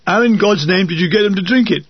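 A man's voice: high-pitched, fast, slightly rough, no room sound. A man voicing a dry, sardonic officer, on a dull lo-fi recording.

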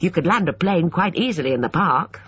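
A reader voicing a chatty, cheerful young Englishman who rambles eagerly, in a husky voice. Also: medium pitch, lively intonation, normal speed, fairly bright tone, no echo, highs cut off. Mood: breezy.

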